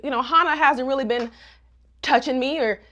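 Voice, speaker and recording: A teenage boy, flustered and easily swayed, stammering through slangy excuses, as a woman recaps a manga and puts him on. The voice sits a little high and is spoken casually. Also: normal speed, pushed and bright, lo-fi sound.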